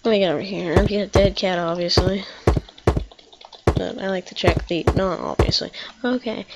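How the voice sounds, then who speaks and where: A woman's voice: mid-range voice, fairly even intonation, brisk, heavy background noise. A woman playing through a story game, thinking aloud in a chatty, casual way while reading the dialogue. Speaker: let's play gamer. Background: loud game music.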